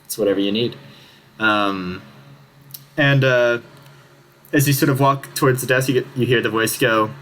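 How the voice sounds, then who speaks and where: A man's voice: mid-range voice, measured pace, pauses often, fairly bright tone. A man narrating a tabletop game as game master, casual and rambling, laughing often.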